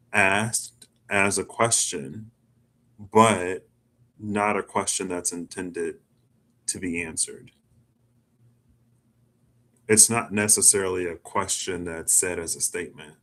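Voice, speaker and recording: Low-pitched yet bright and forceful, this man's voice carries a casual self tarot reading. He rambles and muses aloud, chatty and full of "like."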